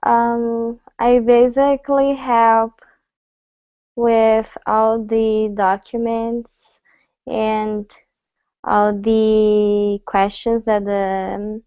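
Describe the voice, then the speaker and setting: Woman, slow and careful, smooth clear voice, lo-fi call. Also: fairly high pitch, little pitch movement, dry recording. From Brazil. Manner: measured, hesitant. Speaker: HR assistant, student. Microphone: video call. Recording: muffled lo-fi call audio.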